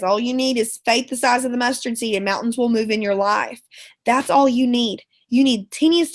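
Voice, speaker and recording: A woman, a schoolteacher and sales ambassador, gives a live motivational pep talk in a chatty, folksy way and repeats words for emphasis. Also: a little high. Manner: chatty and folksy, calls listeners girlfriend and y'all. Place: live online call from home.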